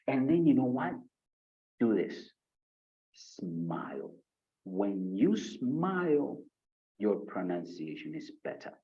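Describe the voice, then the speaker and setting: A man from Colombia with a Paisa accent, giving a live online IELTS speaking lesson and acting out sample answers in an animated way. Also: slow, lo-fi sound. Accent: Colombian Spanish, Paisa. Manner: animated, acts out sample answers with shifting pitch. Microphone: video call.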